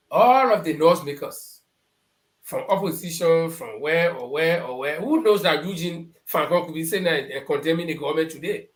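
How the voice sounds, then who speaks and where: A man's voice: high-pitched, a bit bright, echoey room, low-quality recording. A middle-aged Liberian man on a talk show, telling political anecdotes and acting out the people he quotes. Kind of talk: storytelling political commentary.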